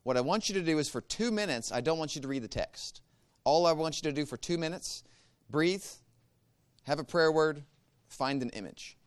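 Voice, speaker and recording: A man teaching a church group a guided meditation practice, calm and measured, giving step-by-step instructions. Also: a little high, smooth.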